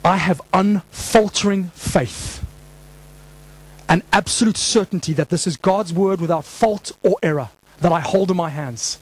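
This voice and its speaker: High-voiced impassioned male preacher. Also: a little slow, low-quality recording. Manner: impassioned, emphatic preaching with rhetorical questions. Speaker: pastor. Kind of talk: sermon. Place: church hall before a congregation.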